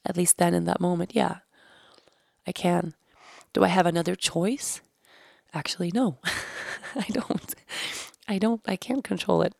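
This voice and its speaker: Gravelly-voiced woman telling a candid personal story. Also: on the low side, darkish tone, no echo, clean studio sound. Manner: candid, searching, swears casually. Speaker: podcast host.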